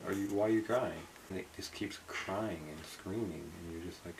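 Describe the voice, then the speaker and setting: A young adult man chatting with a friend on camera, deadpan as he spins a dark joking story. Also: lowish voice, normal speed, noisy background. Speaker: friend of the vlogger. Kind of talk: casual joking conversation.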